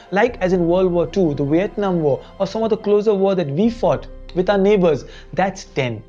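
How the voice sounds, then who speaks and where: Lively Indian English woman teaching. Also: medium pitch, lo-fi sound. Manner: animated, asks the audience rhetorical questions. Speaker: education show presenter. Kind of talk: motivational lesson to the camera.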